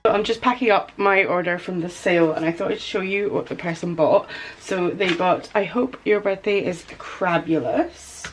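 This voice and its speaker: A woman in her thirties chatting through a casual vlog as a small business owner, gushing and excitable with chatty asides. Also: on the low side, normal speed, few pauses, soft background music. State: out of breath in places. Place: home studio office.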